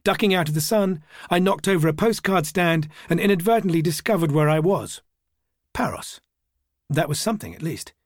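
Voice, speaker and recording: A man narrating a first-person travel story for an audiobook, measured and wry. His voice sits somewhat high for a man, and the recording is dry and close, with no room echo. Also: lively intonation.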